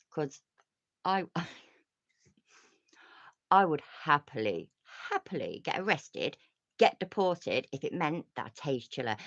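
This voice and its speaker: A woman's voice: sits low, a bit bright, dry recording, lo-fi sound. A woman hosting a casual livestream chat, ranting and swearing freely. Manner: ranty, sweary, chatty. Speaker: host.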